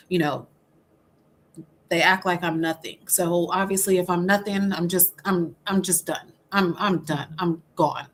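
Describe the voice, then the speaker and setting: A woman's voice: fairly low pitch, a bit bright, slight background noise. A middle-aged woman guest telling a hard personal story candidly, with many fillers and restarts.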